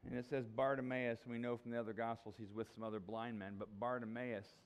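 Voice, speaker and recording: A man's voice: mid-range voice, flat delivery, a little fast. A male pastor preaching a sermon in a conversational, jokey, emphatic way.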